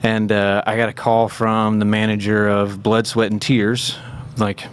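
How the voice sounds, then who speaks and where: A man in his thirties from the Memphis area, a guest telling stories in a chatty, animated way and laughing often. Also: on the low side, a little slow, slight background noise. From Memphis area, United States. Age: 30s. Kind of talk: casual storytelling.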